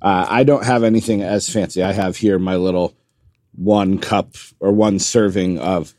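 A man's voice: low-pitched, fairly even intonation, moderate pace, darkish tone, dry recording, studio quality. A man co-hosting a casual podcast with a wry, teasing, self-deprecating manner. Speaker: podcast co-host.

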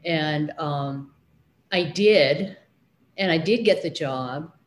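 A woman's voice: sits low, slow, roomy sound. A middle-aged woman, a children's librarian, recalling her studies in a casual interview, hesitant with many fillers and restarts.

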